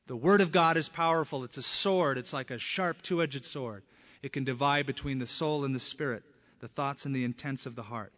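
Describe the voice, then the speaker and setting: Male pastor, sermon, emphatic stresses, fairly high voice, long hall reverb. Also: expressive, fairly quick. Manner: emphatic, rising to loud stresses on key words.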